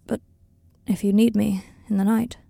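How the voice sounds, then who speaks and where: A woman's voice: medium pitch, level tone, normal speed, gravelly, dark tone, husky, dry recording. A woman voicing a guarded young man who sounds uncertain but dryly teasing, in a storybook reading. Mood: nervous.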